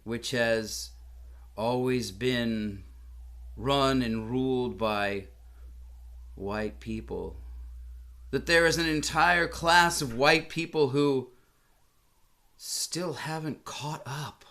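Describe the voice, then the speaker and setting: A middle-aged man telling a comic story in a deadpan, mock-solemn, formal way. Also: medium pitch, extremely slow, pauses often. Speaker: comedian.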